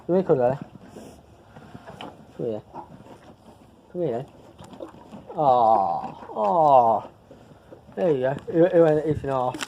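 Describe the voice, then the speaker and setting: A man's voice: a little high, moderate pace, long pauses, dull audio, a little hiss or hum. A man chatting casually to camera in a vlog, rambling and repeating himself as he loses his thread. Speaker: vlogger.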